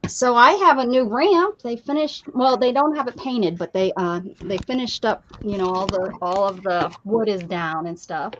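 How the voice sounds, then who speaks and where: A woman hosting a casual craft livestream, chatty and animated, greeting viewers by name. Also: mid-range voice, normal speed, few pauses, highs cut off, slight background noise.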